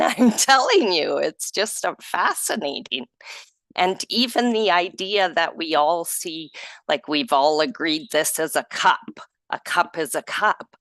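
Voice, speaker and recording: A woman reads aloud to an online group at an unhurried pace, her voice rising and falling a lot. She chats between passages, laughs often and corrects herself. The sound is dry and close. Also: lowish voice, animated, fairly bright tone, dry recording. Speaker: group reader. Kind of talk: casual reading and group discussion.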